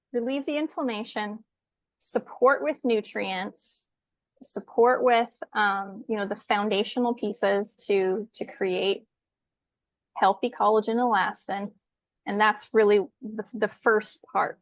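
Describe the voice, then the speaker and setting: A woman guest and skincare educator talking in a casual conversation, lively and animated, sometimes acting out quoted complaints. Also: medium pitch, takes it slowly, pauses often, no echo.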